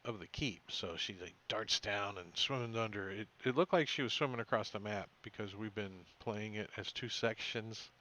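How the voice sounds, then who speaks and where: A man running a tabletop game as game master, recapping the session in a halting way with many fillers and self-corrections. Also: lowish voice, pushed and bright.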